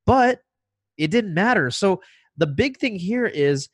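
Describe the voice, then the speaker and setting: A man's voice: sits high, animated, unhurried, no room sound. A man in casual conversation, explaining his points emphatically in an argumentative way. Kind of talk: casual chat.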